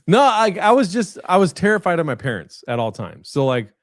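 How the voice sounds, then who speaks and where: This guest comedian has a high, slightly bright voice, with a little background noise in the recording. Chatting casually on a video call, he spins long, rambling stories packed with fillers and swearing.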